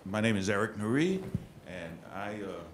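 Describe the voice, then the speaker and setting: Man, audience question, hesitant, many fillers, very deep voice, roomy hall, background noise. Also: very animated, moderate pace. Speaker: audience member asking a question.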